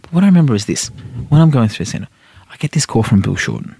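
A man's voice: medium pitch, big pitch swings, fast talker, creaky, mellow, breathy edge, dry recording. A middle-aged man, chatting as a guest in a rambling, filler-heavy way and often tagging "right?". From Iran. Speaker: senator and podcast guest. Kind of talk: casual interview chat.

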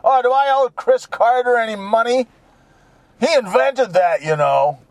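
A man's voice: extremely high pitch, a little slow, no room sound. A man talking on his own while driving, in a jokey, digressive monologue full of fillers. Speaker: solo talker. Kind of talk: rambling casual monologue. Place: inside a car while driving.

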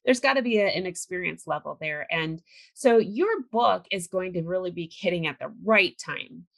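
A woman's voice: lowish voice, expressive, moderate pace, vocal fry, a bit bright. A woman hosting an interview, talking in an earnest, emphatic, conversational way. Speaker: podcast host. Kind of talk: casual interview chat.

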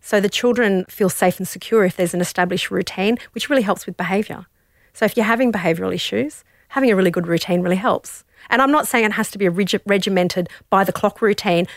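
Australian female expert guest, mid pitch, calm explanatory delivery, dry close mic. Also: dry recording. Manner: explanatory, steady, reassuring. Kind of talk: advice in casual chat.

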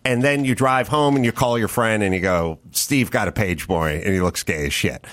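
A man hosting a podcast, joking in a wry, deadpan way during casual chat. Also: normal speed. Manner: wry, deadpan joking with lively swings in pitch. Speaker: podcast host.

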